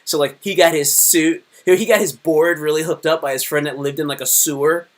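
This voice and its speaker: A man in his thirties hosts a casual live-stream chat with a slightly high voice. He tells stories animatedly and keeps dropping in "like" and "um". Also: fairly quick. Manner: animated storyteller, many fillers.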